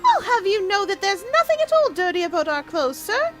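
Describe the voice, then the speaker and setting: A woman doing a bright, eager boy apprentice. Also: very high-pitched, big pitch swings, brisk, faint music behind, voice pushed up, exaggerated voice. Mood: indignant. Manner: eager, exclamatory.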